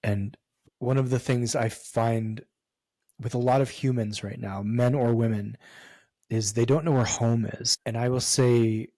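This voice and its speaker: A man speaking with earnest emphasis and now and then a blunt curse, a guest in a candid interview. His voice sits at an ordinary middle pitch. The sound is dry and close, with no room echo. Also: fairly even intonation, unhurried, a little mellow. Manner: earnest and emphatic, with casual swearing. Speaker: podcast guest.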